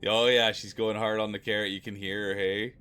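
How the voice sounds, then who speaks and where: A man streaming live from home, chatting casually and warmly with his viewers, greeting them by name and often repeating himself. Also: lowish voice, level tone, brisk, clean tone.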